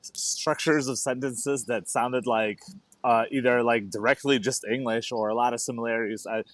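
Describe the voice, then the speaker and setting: A man from the Netherlands answers interview questions in a relaxed, casual way. He often stops to restart and fills gaps with "uh" and "like," and his voice is dry and close, with no room sound. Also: mid-range voice, normal speed, no echo. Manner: hesitant, many fillers and restarts, laid-back. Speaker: guest.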